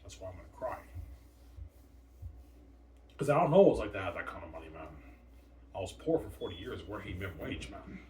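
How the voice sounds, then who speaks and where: A man's voice: deep voice, lively intonation, a little fast, pauses often, a little mellow. A man rambling in a long monologue, repeatedly tacking "man" onto his sentences. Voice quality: repetitive, trails off with "man". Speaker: vlogger. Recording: roomy, distant from mic, faint noise.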